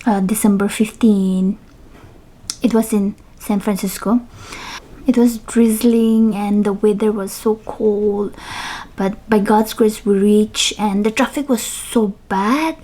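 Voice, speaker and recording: A young woman vlogging at home, telling a personal story in a chatty, animated way, with fillers and quiet whispered asides. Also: medium pitch. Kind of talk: casual storytelling.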